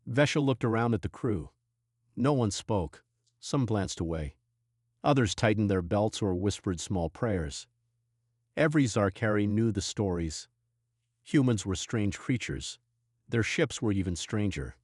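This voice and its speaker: A man reading a science fiction story in a steady, measured storytelling voice. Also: fairly low pitch, no echo, clean studio sound. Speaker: narrator. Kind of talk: scripted sci-fi narration.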